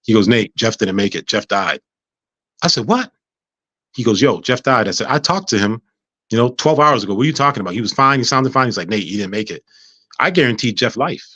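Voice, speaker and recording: A man telling a personal story in casual chat, animated, acting out dialogue with frequent stammers and restarts. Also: medium pitch, a little fast, husky, dry recording. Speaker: guest.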